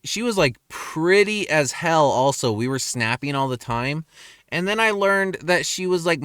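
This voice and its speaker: A young man rambling in a casual rant, crude and self-mocking, his pitch jumping up and down. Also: a bit bright, no room sound, clean studio sound. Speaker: vlogger. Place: car in a parking lot at night.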